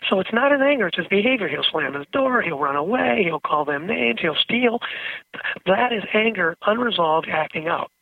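Man, therapist guest, tinny phone line, husky, dry, explaining. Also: sits high, expressive, moderate pace, no room sound, far from the mic. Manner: explanatory, storytelling with acted-out quotes. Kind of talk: phone-in radio interview.

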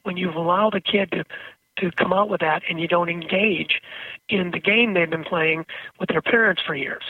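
Therapist guy calling in, phone-line sound, kinda husky, explains with stories. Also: sits high, moderate pace, dry recording, recorded from a distance. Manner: explanatory, storytelling with acted-out quotes. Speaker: therapist guest. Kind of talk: phone-in radio interview.

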